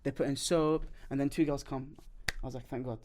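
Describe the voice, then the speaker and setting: A man's voice: mid-range voice, a little fast, a little hiss or hum. A man hosting a podcast, telling a funny story in casual chat, acting out the people in it in slangy talk and laughing through his lines. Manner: animated, acts out dialogue of others. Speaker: podcast host.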